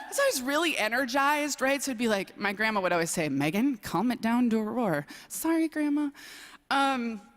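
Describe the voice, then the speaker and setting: In a medium-pitched, slightly bright voice, a young speech coach from southern Wisconsin offers a playful, self-deprecating personal talk at a college chapel service, peppered with "um"s. The large chapel gives the recording a long reverb.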